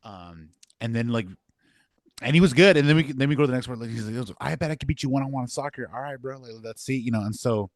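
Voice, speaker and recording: A man's voice: mid-range voice, animated, quick pace, dry recording, clean studio sound. A young man co-hosting a podcast, telling casual stories in a laid-back way full of filler words. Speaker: podcast co-host. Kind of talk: casual chat.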